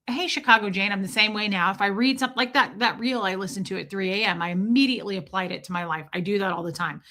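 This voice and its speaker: A woman's voice: medium pitch, fast talker, bright, forceful tone. A woman hosting a casual livestream, talking to viewers in a chatty, rambling way with many restarts. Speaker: YouTube livestream host. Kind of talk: casual livestream chat, reading viewer comments.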